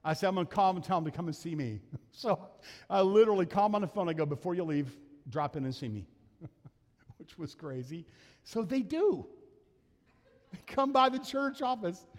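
Male pastor, sermon storytelling, fairly high voice, conversational and self-mocking, long church reverb. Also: expressive, normal speed. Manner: conversational, self-deprecating, laughs often. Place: church sanctuary.

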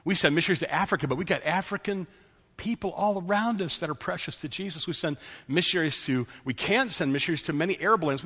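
A man preaching a sermon as pastor, passionate, swinging between loud pleading and quiet storytelling, in a church sanctuary. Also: sits high, long reverb tail.

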